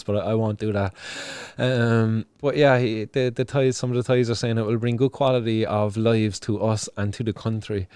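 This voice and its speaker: A man's voice: fairly low pitch, fairly even intonation, normal speed, a little mellow, clear, resonant tone, no room sound. Ranting young Irish man, dry close sound. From Ireland. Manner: ranting, swears often, heavy fillers and restarts. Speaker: show host. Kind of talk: casual livestream news commentary.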